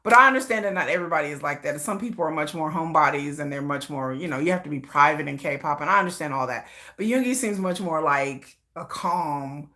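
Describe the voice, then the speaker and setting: A woman hosting a casual livestream, chatty and high-energy, who laughs often and acts out playful scenes. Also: quick pace, few pauses, bright, forceful tone. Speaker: livestream host.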